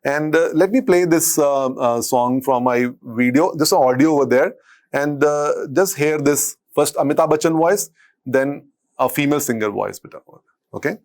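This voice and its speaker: A male medical lecturer with an Indian accent and a husky, deep voice, dictating notes and repeating phrases as he teaches. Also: moderate pace, darkish tone. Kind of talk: classroom lecture.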